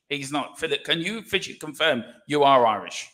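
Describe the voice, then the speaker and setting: A man co-hosting a casual sports livestream, jokey and energetic, with a sore throat. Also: a little high, quick pace, few pauses. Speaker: livestream co-host.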